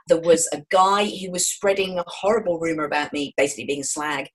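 A woman in her forties, a guest in an interview, telling stories in a frank, jokey, lively way. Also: sits low, a little fast. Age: 40s. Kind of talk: interview chat.

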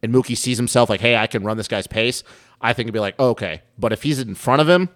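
A young man co-hosts a casual podcast. He tells his stories quickly and with energy in a mid-range voice. The recording is dry and close. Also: medium pitch, no echo. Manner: fast, animated storytelling with laughs. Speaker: podcast co-host.

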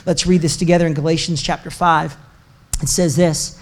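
A man's voice: fairly high pitch, steady tone, moderate pace. A pastor preaching a sermon to his congregation, conversational and joking, with emphatic repetition. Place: church service before a congregation.

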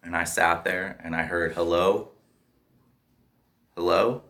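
A man's voice: low-pitched, fairly even intonation, takes it slowly, fairly bright tone. A man telling his recovery story in a candid, profane way, often checking in with "right?". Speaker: speaker sharing a recovery story. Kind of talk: personal storytelling.

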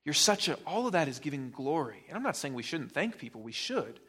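Pastor guy preaching, kinda high voice, keeps firing questions and repeating himself for emphasis. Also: very animated, brisk, breathy edge. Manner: probing rhetorical questions, emphatic repetition. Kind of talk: sermon.

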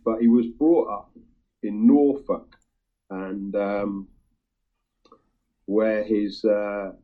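A man chatting casually with friends about a song, talking in a halting way with lots of ums and restarts. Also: fairly low pitch, steady tone. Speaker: music-sharing group member. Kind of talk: casual chat. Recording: tinny phone-like line.

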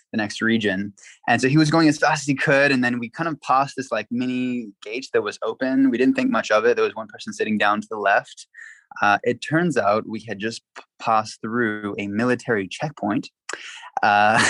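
A man guesting on a podcast, telling a story in a lively, casual way, full of "like" and acted-out quotes. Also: mid-range voice, no echo, poor audio. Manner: animated, acts out quotes, frequent "like" fillers.

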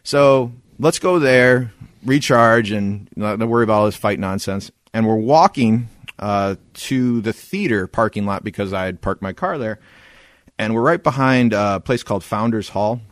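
A podcast co-host with a lowish voice tells a story at normal speed, recorded cleanly in a studio with no room sound. Animated and swearing a lot, he acts out the lines people said during the casual chat.

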